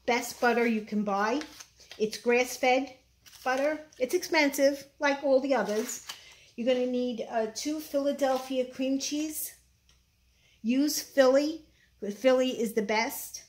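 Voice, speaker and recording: Brooklyn woman, a bit high-voiced, opinionated home cook chatting over clattering pots. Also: steady tone, slow pace, a little hiss or hum. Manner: chatty, opinionated, frequent fillers. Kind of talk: casual cooking demonstration. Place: home kitchen. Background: clattering dishes and utensils.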